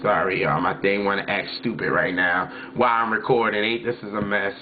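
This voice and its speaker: A man's voice: on the low side, steady tone, a little fast, slight background noise. A man vlogging casually about music, telling stories, imitating his mom and singing snatches of songs. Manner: chatty, storytelling, often mimics his mom and sings snatches. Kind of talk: casual chat. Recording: tinny phone-like sound.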